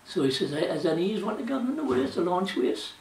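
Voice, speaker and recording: Older geordie man, rambling oral history, fairly high voice, roomy echo, distant mic. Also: very animated, a little fast, a little mellow, slight background noise. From South Shields, England. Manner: rambling, colloquial, with fillers like "you know" and "like". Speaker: interviewee, former shipwright.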